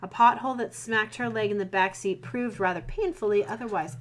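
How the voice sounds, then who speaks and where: A woman's voice: mid-range voice, fairly quick. A woman hosting a podcast, casually reading fan fiction aloud and correcting her own slips as she goes. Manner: relaxed, stumbles and self-corrects while reading. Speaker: podcast host reading stories.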